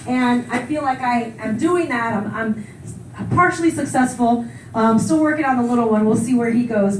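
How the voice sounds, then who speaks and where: Woman, 40s, high voice, chatty conference keynote, laughs often, echoey hall, distant mic. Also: a little hiss or hum. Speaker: keynote speaker. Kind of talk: conference talk, personal storytelling. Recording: echoey hall, heard from far off.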